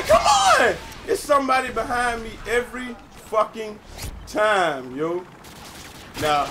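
A young man with a fairly high voice trash-talks his way through a shooter match, swearing freely and jumping into sudden yells. Gunfire and explosions from the game rattle loudly behind him, and his talk stays loose and casual in between the outbursts. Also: background noise. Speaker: gamer playing with a friend. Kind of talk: casual live gameplay commentary.

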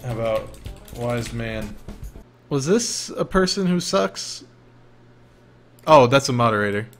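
A man streaming a life-simulation game, commentating casually and jokingly, with sudden excited outbursts. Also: medium pitch, slow pace, faint music behind.

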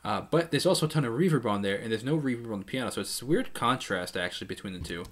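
With a medium-pitched, animated voice and a fast delivery, a man who plays music explains what he hears in a live song's mix and singing. His casual commentary is analytical and full of restarts, captured on a pop-filtered studio mic with the song faint in the background.

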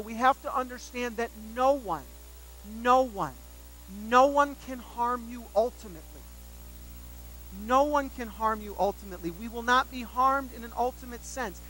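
A man's voice: extremely high pitch, sharp tone, a little hiss or hum, low-quality recording. A man pastor preaching a sermon, emphatic and repeating key phrases for weight, telling personal stories with self-deprecating humor.

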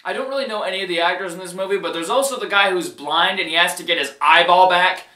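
A man's voice: high-pitched, fast talker, pushed and bright, echoey room. A man giving a casual movie-review rant, emphatic and exasperated, repeating his points and often breaking into laughter.

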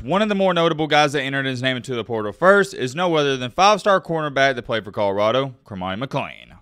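Male sports vlog host, animated and quick, dry close-mic sound. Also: medium pitch, smooth, no echo. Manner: animated, fast-talking, with sudden loud bursts. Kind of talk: casual commentary vlog.

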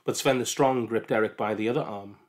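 A man calmly narrating a storybook aloud, with measured delivery. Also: lowish voice.

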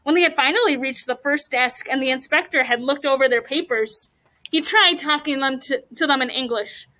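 A woman teacher reading a chapter book aloud to her class, animated and stopping to ask the children questions. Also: high-pitched, moderate pace, poor audio.

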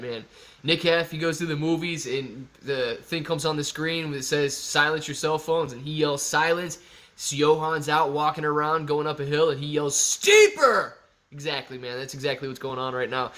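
A man's voice: a little high, a bit bright. A young man hosting a casual live stream, reading viewer comments aloud and joking back, calling everyone man and bro.

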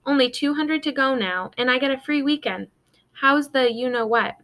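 A woman's voice: sits high, normal speed, fairly bright tone, voice pushed up. A woman voicing an earnest young boy. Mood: eager. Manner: earnest, anxious. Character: young boy, anxious and dutiful.

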